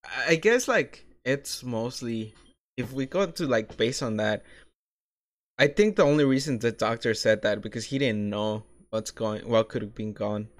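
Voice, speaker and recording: A man co-hosting a podcast, chatting casually and haltingly, with many restarts and "like"s. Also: mid-range voice, no room sound. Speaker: podcast co-host. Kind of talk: casual chat.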